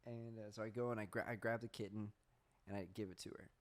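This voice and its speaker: A man's voice: on the low side, steady tone, fast talker. A young man hosting a podcast, telling stories in a rambling casual way, swearing often and laughing at himself. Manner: reads search results aloud. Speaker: podcast host. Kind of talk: casual storytelling chat.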